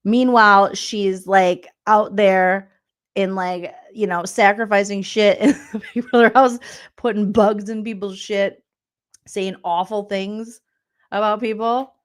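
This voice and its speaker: A woman comedian recapping reality TV in a loud, profane, incredulous rant, laughing often. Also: medium pitch, fairly even intonation, unhurried.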